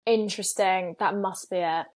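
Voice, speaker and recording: A woman's voice: medium pitch, steady tone, moderate pace, darkish tone, no echo. A woman podcast co-host, mostly adding short supportive replies in casual chat. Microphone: video call.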